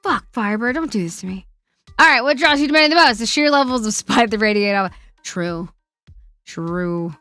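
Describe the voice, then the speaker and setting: Female streamer host with a bright, fairly high voice, loose and profane. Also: lively intonation, normal speed, no echo, soft background music. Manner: chatty, laughs often, swears freely. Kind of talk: casual chat.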